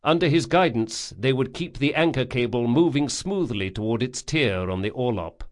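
A man's voice: medium pitch, expressive, moderate pace. A man reading a fantasy novel aloud as a scripted audiobook narration.

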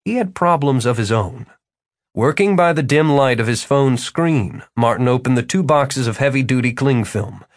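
Expressive male audiobook narrator. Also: medium pitch, normal speed, dry recording, studio quality. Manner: expressive storytelling. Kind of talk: scripted narration.

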